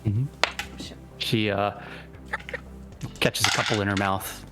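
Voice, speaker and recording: Male game master, low voice, descriptive and easygoing. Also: level tone, over loud music. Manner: descriptive, unhurried, with friendly rulings. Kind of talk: narrating a tabletop game.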